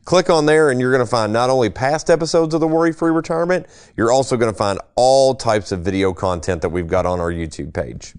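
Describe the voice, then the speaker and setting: A man's voice: mid-range voice, a little fast, few pauses, smooth, no echo, clean studio sound. A man co-hosting a radio show, chatting in an easygoing, hesitant way. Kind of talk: casual radio chat.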